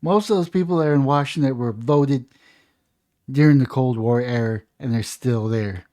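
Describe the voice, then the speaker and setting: A man's voice: medium pitch, normal speed, dark tone. A man giving an opinionated political commentary monologue, reading news aloud and then ranting emphatically about it. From United States.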